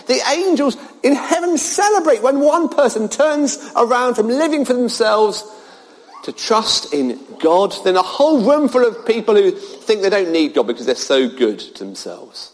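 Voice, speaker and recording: A man preaches to children and parents, his voice high and swooping with lively animation. Long reverb from a large hall trails his words. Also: normal speed. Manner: animated, exclamatory, playful with children. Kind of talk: children's sermon.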